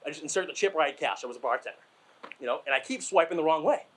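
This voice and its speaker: A man's voice: fairly high pitch, lively intonation, very fast, fairly bright tone. A young man from Massachusetts telling rambling, crude, self-deprecating stand-up stories, full of asides and fillers. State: out of breath. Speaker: stand-up comedian.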